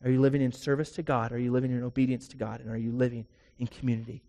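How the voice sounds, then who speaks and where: A man's voice: mid-range voice, level tone, mellow. Earnest male pastor in a reverberant hall. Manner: earnest, rhetorical questions, slows for emphasis. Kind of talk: sermon. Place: church sanctuary. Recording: long reverb in a church hall.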